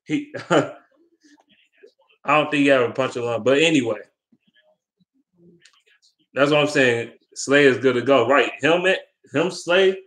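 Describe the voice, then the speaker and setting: A man's voice: mid-range voice, measured pace, pauses often, fairly bright tone. A young man in a casual, heated sports rant, swearing a lot and rambling between points. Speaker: sports fan vlogger.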